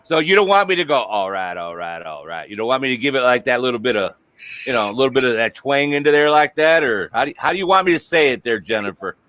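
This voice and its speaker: A man's voice: mid-range voice, animated, fast talker, pushed and bright, dry recording. A man hosting a casual live-stream chat, joking crudely and swearing freely. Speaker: host.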